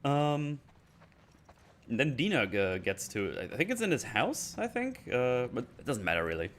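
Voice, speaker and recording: A man's voice: mid-range voice, huge pitch swings, moderate pace, a bit bright. A man streamer in a casual commentary rant, rambling through a recap of a TV episode and slipping into the characters' lines.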